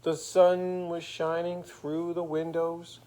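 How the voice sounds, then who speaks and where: A man improvising a bedtime story aloud, playful and rhyming, pausing now and then to make up details with fillers. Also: on the high side, completely flat delivery, warm tone.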